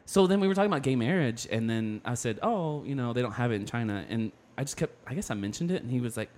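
A man on a casual podcast, telling stories in an animated way and laughing often. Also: mid-range voice, fast talker, hardly any pauses. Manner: animated storyteller, laughs often, imitates a date's speech. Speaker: co-host. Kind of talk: casual podcast chat, storytelling.

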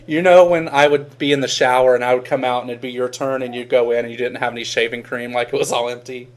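A man's voice: mid-range voice, quick pace, a crowd in the background. A man from Virginia hosting a podcast, telling stories in a casual chat and laughing often. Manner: animated storytelling, laughs often. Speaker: podcast host.

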